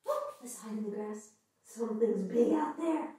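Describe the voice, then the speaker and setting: A woman's voice: a little high, normal speed. A woman in her thirties leading a playful, sing-song yoga class for children. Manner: playful and animated, singing and making animal noises. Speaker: kids yoga teacher. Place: echoey room. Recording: very echoey room, voice far from mic.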